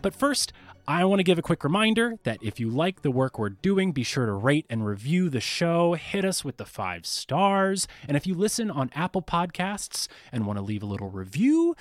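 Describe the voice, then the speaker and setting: Male podcast host, upbeat and animated, dry booth sound. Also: a little high, normal speed, few pauses, no room sound. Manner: enthusiastic, animated. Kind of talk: podcast narration and ad read.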